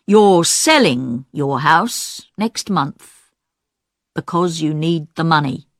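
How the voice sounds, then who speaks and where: Woman reading deliberate male inspector, accusing, lively pitch, dry close sound. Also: no echo, exaggerated voice. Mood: stern. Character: calm methodical male police inspector.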